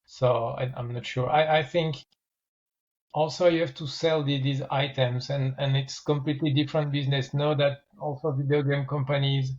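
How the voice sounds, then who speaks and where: A man's voice: mid-range voice, flat delivery, darkish tone. Hesitant man, slightly dull recording. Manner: hesitant, repeats words, measured. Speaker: co-host. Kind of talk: casual podcast chat.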